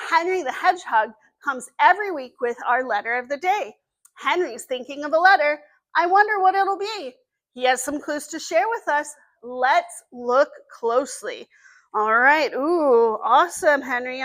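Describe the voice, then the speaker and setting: A woman's voice: high voice, fairly bright tone. A woman with a Southern US accent leading a children's story time as librarian, with an encouraging sing-song teacher voice.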